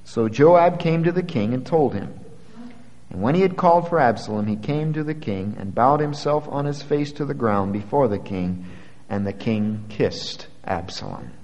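Male preacher, mid-pitched, dramatic sermon delivery, reverberant sanctuary sound. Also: lively intonation, normal speed, dull audio. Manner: dramatic swings from quiet to loud, climbing pitch when quoting scripture.

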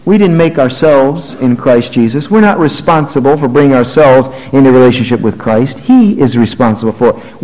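An older man preaching a sermon as pastor, swinging between quiet asides and raised emphatic lines. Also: mid-range voice, lively intonation, moderate pace. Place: church sanctuary. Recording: muffled sound with long hall reverb.

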